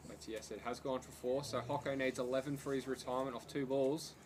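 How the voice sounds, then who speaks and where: A man doing live commentary on an amateur cricket match, building to shouts on big hits. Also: medium pitch, fairly even intonation, fairly quick, background noise.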